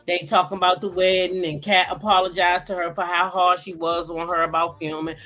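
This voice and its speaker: Woman host, lowish voice, sassy soap recap chat, faint music under. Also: fairly quick. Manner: sassy, animated storytelling with acted quotes.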